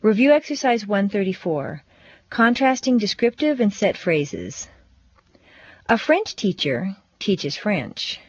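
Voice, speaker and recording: Slow, deliberate woman drilling pronunciation. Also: medium pitch, big pitch swings, breathy edge, no echo, highs cut off. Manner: slow, deliberate, exaggerated stress and intonation. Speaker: English pronunciation teacher.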